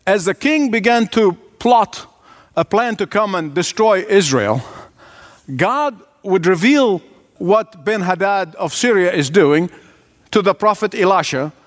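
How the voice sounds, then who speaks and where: A man's voice: sits high, expressive, measured pace. A man preaching a sermon in an earnest, emphatic way, often speaking straight to his listeners.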